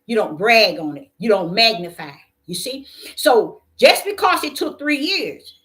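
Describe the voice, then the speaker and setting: A woman preaching with passion and telling personal stories, repeating her phrases for emphasis and swinging between loud declarations and hushed moments. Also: on the high side, animated, normal speed. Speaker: self-described prophetic preacher. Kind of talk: impassioned preaching and personal testimony.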